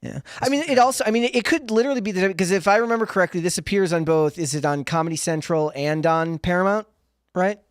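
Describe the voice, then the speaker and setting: Animated male co-host on a panel. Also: high-pitched, quick pace, clean tone, no room sound, clean studio sound. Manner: animated, acts out quoted voices. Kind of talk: panel political chat.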